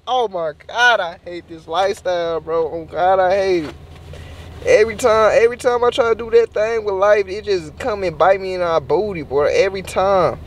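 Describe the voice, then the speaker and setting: A man's voice: high voice, moderate pace, dry recording. A young man vlogging from his car, complaining in an overblown, melodramatic way. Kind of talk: casual vlog.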